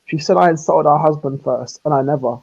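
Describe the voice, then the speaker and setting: A man holds forth on a live stream, his voice sitting a little high as he rants and laughs through heated talk. He acts out the exchanges he quotes, and the stream audio is dull and lo-fi. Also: brisk, vocal fry, a little mellow, breathy edge.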